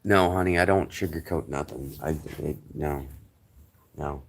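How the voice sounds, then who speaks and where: A man's voice: a bass voice, a little slow, vocal fry. A middle-aged man hosting a casual livestream, rambling chattily and greeting viewers by name. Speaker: livestream host.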